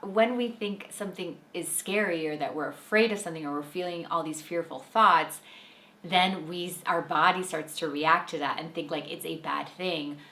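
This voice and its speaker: Woman, chatty spiritual talk, low voice, echoey room. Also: moderate pace. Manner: chatty, uses "like" constantly, animated quoting. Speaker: podcast host and intuitive guide.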